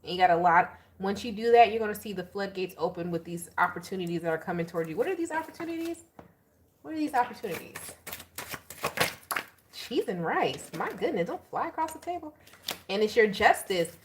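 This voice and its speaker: Woman tarot reader, animated, slangy and chatty, mid pitch, casual delivery straight to viewers. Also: quick pace, a little hiss or hum.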